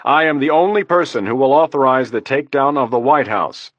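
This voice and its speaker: A testy, defensive politician in high office, as a man puts him on for an audiobook. His voice climbs higher and sharper when pressed. The recording is dry and close. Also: animated, fairly quick, a bit bright, no room sound, lo-fi sound, lightly acted. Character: defensive, irritable male vice president, middle-aged.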